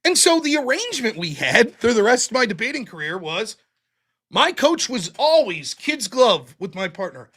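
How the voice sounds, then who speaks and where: Guy hosting a live stream, super animated delivery, blunt and cursing, crisp bright voice. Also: extremely high pitch, normal speed. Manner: animated, blunt, swears freely. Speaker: host. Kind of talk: livestream commentary.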